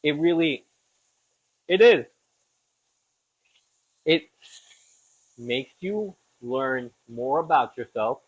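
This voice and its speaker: A man's voice: medium pitch, expressive, very slow, pauses often, breathy edge. Rambling young man cooking at home. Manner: rambling, self-deprecating, upbeat asides. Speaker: podcast host. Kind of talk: casual chat while cooking. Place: home kitchen. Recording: slightly dull lo-fi audio.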